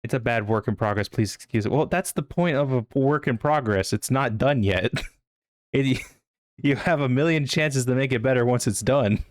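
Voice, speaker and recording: A man streaming a game, chatting casually with his chat, excitable and swearing loosely. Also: mid-range voice, a little fast, few pauses, no room sound, clean studio sound. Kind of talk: casual live-stream chat over gameplay.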